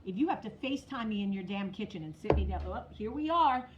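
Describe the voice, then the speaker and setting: A woman's voice: medium pitch, lively intonation, quick pace, lo-fi sound, noisy background. A middle-aged woman with a New Jersey accent hosting a casual live stream, blunt and profane, talking straight to commenters by name. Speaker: vlog host.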